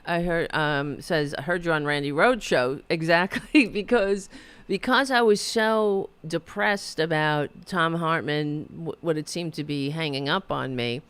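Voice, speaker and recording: A woman's voice: sits low, unhurried, hardly any pauses, fairly bright tone, smooth, no room sound. A middle-aged woman hosting her own talk show from her apartment, rambling and self-deprecating, reading chat messages aloud. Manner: reads viewer chat aloud. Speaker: podcast host.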